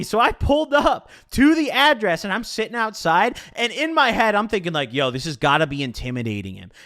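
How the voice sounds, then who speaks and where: A man casually telling a personal story in a profane, slangy, animated way. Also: high-pitched.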